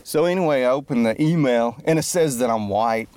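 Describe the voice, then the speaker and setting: This time his voice is medium-pitched, brisk and smooth, with few pauses and a darkish tone, close-miked without echo. The adult musician and entertainer, who grew up pre-internet, rattles through self-mocking jokes while constantly losing his train of thought.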